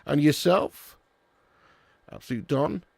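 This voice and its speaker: Chatty man, gravelly voice. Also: a little high, slow pace, no echo. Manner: chatty, banter with chat, swears casually. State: a little sleepy. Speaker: watch-along streamer. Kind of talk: live football watch-along chat.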